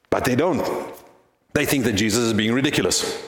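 A man's voice: medium pitch, animated, a little fast, reverberant. A male pastor giving a sermon in a church, earnest and fond of rhetorical questions.

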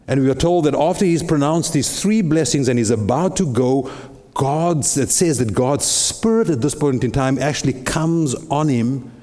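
A man's voice: medium pitch, moderate pace, dark tone. A man preaching a sermon, retelling a Bible story dramatically with lots of rhetorical questions. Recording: long reverb in a big hall.

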